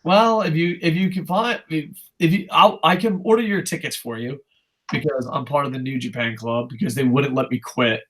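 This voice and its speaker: A young man with a slightly high voice co-hosts a casual podcast chat. He rants in an animated way and swears constantly. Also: normal speed. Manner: profane, animated ranting. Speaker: co-host.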